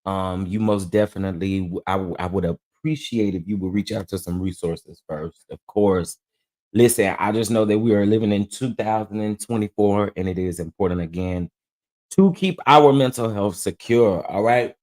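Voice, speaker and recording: A man's voice: lowish voice, normal speed, a little mellow. Drawling man greeting live-stream viewers. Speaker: livestream host. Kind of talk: casual live-stream chat.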